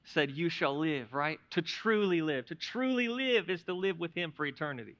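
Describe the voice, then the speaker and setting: A man preaching in a church with a high, bright, forceful voice. He drops to hushed reflection, then rises to loud, emphatic declarations. The recording is dull and lo-fi. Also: lively intonation, normal speed. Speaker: pastor. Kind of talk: sermon. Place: church sanctuary.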